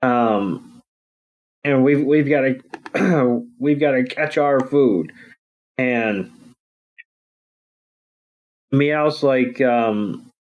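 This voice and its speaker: Unhurried podcast man with many fillers. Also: medium pitch, muffled recording. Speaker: podcast co-host. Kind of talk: casual episode recap chat.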